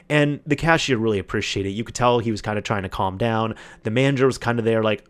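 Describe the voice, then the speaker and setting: A man hosting a solo podcast, telling a long anecdote in a casual, animated way, acting out the other people's lines and often restarting his sentences. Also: on the low side, fast talker, few pauses, smooth. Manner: animated retelling with quoted voices, frequent restarts. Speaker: podcast host.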